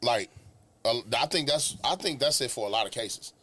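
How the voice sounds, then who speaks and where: A man's voice: medium pitch, lively intonation, normal speed, pushed and bright, husky. A man co-hosting a podcast, riffing loosely in casual chat with profane slang. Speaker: podcast co-host.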